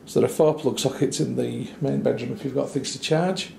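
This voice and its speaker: A man's voice: mid-range voice, steady tone, fairly quick, creaky, warm tone. A man giving a chatty, wry walkthrough of a small hotel room for a travel review, with dry asides. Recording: echoey small room with faint noise.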